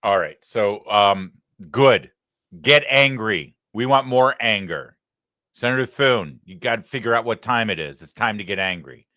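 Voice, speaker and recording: A male talk show host from Michigan rants with heat and mockery, his pitch leaping around animatedly. His voice is bright and forceful, recorded close and dry with no room sound. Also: animated, a little slow, dry recording. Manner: heated, mocking rant. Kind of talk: opinion commentary.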